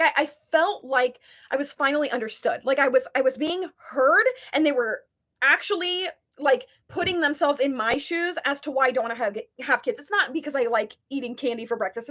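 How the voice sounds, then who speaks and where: High-voiced chatty woman in her twenties. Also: fairly bright tone. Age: 20s. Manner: chatty, heavy use of "like", earnest and passionate. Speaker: live chat host. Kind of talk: casual live chat.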